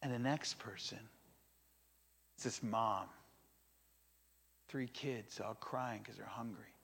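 A man preaching a sermon, retelling a story in a casual, animated storytelling way. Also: on the low side, takes it slowly, creaky, breathy edge. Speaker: pastor.

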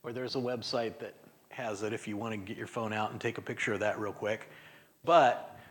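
A man's voice: lowish voice, fairly even intonation, normal speed. A man preaching an interactive sermon in a church, talking casually, polling the congregation and acting out sample prayers. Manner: conversational, acts out prayers in voices, chuckles often. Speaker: guest speaker. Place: church sanctuary.

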